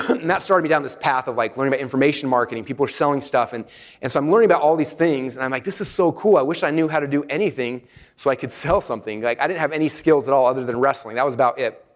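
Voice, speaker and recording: A middle-aged man tells a story to a crowd at a quick clip, words tumbling out. He is animated, laughs often and acts out his own past lines. His pitch sits in an ordinary middle range. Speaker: speaker telling a personal story. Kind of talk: casual storytelling to an audience.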